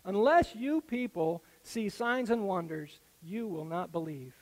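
A man's voice: high-pitched, expressive, a little slow. A man voicing a stern teacher who bluntly rebukes a crowd for wanting signs. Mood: rebuking. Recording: echoey hall with long reverb.

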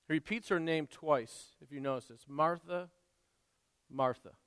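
Brief: an earnest, chatty male pastor with a high, clear voice, preaching in a church with a long hall echo. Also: lively intonation, normal speed. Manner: conversational, earnest, with frequent restarts and asides. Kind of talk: sermon. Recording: long reverb in a large hall.

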